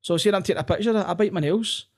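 A man's voice: high voice, fast talker. A man with a Glasgow accent, a comedian chatting as a podcast guest, sweary and self-mocking. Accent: Glaswegian. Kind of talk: casual podcast chat.

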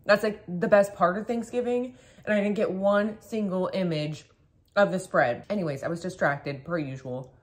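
Woman vlogger, lowish voice, chatty and rambling, home kitchen. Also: moderate pace. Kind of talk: casual vlog chat.

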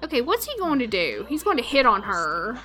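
A woman's voice: fairly high pitch, wildly swooping pitch, fairly quick, bright, forceful tone, faint music behind. A woman with a Southern accent casually commenting on a life-sim game during a livestream, chatty and often laughing, talking to her viewers. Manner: chatty, giggly, talks to chat. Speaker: gaming livestreamer.

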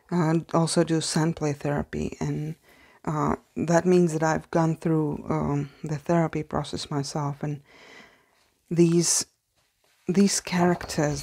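A woman speaking English as a second language, chatting softly through a casual book haul vlog and slipping into hushed whispers of delight. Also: deep voice, husky. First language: not English. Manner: soft-spoken, often drops to a hushed whisper in awe; hesitant, with fillers and restarts. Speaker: vlogger.

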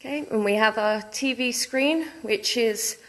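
A woman's voice: fairly high pitch, unhurried, dry recording, rough recording. A British woman working as a student halls manager, giving a chatty live walking tour with a phone. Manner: friendly, chatty, with many "so" and "um" fillers. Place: city street outside a building, then its reception. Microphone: phone held while streaming.

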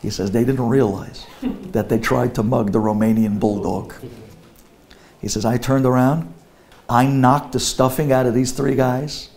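A rabbi recounts a story to his listeners with animation, slipping into the voices of the characters. His voice sits at a middle pitch with a gravelly fry. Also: fairly even intonation, measured pace, a little mellow. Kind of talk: sermon storytelling.

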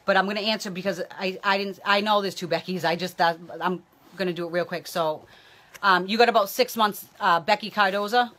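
A woman's voice: fairly low pitch, steady tone, fairly quick, fairly bright tone. A woman psychic medium giving live-streamed readings, chatting loosely and calling out viewers by name. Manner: talks while a baby tugs at her hair.

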